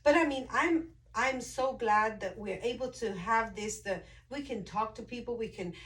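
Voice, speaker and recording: A woman chatting casually as a host, telling a family story with lively acted-out quotes. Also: fairly high pitch, normal speed, distant mic, low-quality recording. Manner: animated storyteller, acts out quoted voices. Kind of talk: casual chat.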